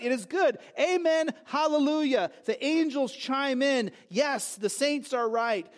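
A man preaching a sermon to a congregation, with emphatic repetitions and conversational asides. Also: extremely high pitch. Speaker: pastor.

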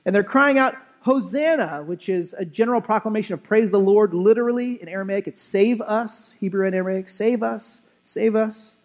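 Man, high-pitched, pastor, conversational sermon, church sanctuary. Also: a little fast, hardly any pauses. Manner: conversational, asks the congregation "right?".

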